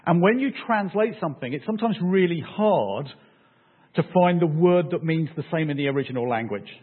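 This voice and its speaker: Male preacher, slightly high, husky; relaxed conversational sermon, lo-fi tinny audio. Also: a little fast. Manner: conversational, checks in with "okay?".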